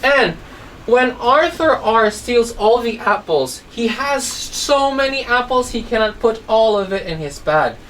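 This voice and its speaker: Speaking unhurriedly in an expressive, somewhat high and slightly bright voice, a woman tells a simple story during an online phonics class for kids. She keeps asking whether they're following along, and the recording has a distant mic and faint background noise.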